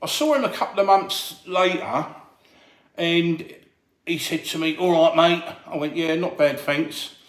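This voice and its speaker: A man with a somewhat high voice tells a story from his doorman days, slipping into the voices of the people he quotes. His telling is lively and animated. The sound is roomy and echoey. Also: a little slow. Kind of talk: casual anecdote telling. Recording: echoey room.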